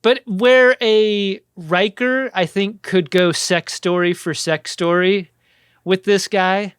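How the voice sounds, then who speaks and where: Man with a smooth, clear voice. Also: high voice, fairly even intonation, slow pace, a bit bright, no echo, clean studio sound. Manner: crude, joking, acts out quotes. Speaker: podcast co-host. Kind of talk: casual comedic chat.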